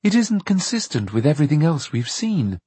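A man's voice: on the high side, very animated, a little fast, mellow, slightly rough, no echo, pitched above the performer's own voice. A man voicing a poised, firm and polite young woman in an audiobook. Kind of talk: audiobook narration.

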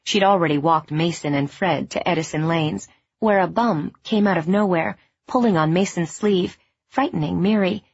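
A woman narrating a novel in an even, measured way. Her voice is husky and somewhat low, and the recording sounds dull and lo-fi. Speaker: audiobook narrator. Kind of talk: scripted narration.

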